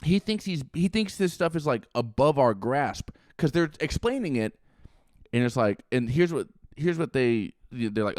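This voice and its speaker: A man co-hosting a podcast, recapping a film in casual chat with sarcastic, animated jabs and frequent swearing. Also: mid-range voice, moderate pace, dry recording, studio quality. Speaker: podcast co-host.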